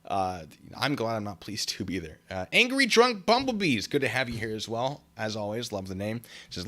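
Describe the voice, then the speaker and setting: A man's voice: lowish voice, big pitch swings, moderate pace, hardly any pauses, bright, forceful tone. A man hosting a casual livestream, reading viewer comments aloud with lots of fillers and laughs. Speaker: livestream host reading chat.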